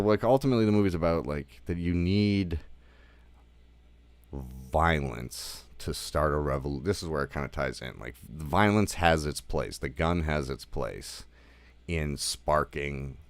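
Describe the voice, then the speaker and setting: Very deep-voiced man rambling a film review. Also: no room sound. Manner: rambling, heavy on fillers like "like" and "you know"; relaxed, swears casually. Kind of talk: casual spoken review.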